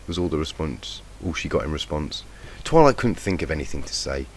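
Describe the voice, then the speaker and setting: An extremely low, husky voice reads fanfiction in a brisk, animated way with few pauses, though the overall delivery is plain and lightly emotive. He's croaky with a cold, and his cheap, faulty home mic makes it noisy and lo-fi.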